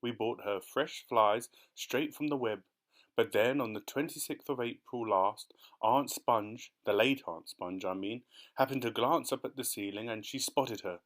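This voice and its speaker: A man's voice: medium pitch, unhurried, natural voice. A man voicing a sad, fearful female spider in a storybook audiobook, telling her woes in an anxious way. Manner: tearful, anxious.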